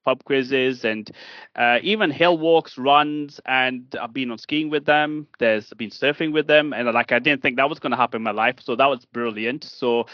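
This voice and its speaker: Hesitant man hosting a podcast, slightly high voice. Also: no echo. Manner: hesitant, many fillers and restarts. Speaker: podcast host. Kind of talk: casual podcast chat. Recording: dull lo-fi dry sound.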